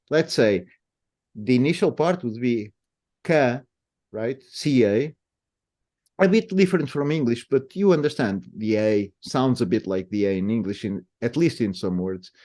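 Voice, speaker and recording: As a guest explaining pronunciation, a native Portuguese speaker talks in accented English and patiently models how words sound in conversation. He has a medium-pitched, a little mellow, expressive voice and a moderate pace.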